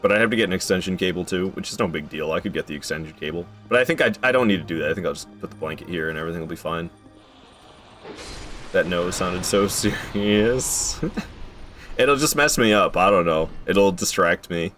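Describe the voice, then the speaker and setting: A man casually chatting through a game stream, excitable and prone to swearing, swinging from mumbles to loud outbursts, recorded in a room at home. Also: low-pitched, a little fast, faint music behind. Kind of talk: casual gameplay commentary.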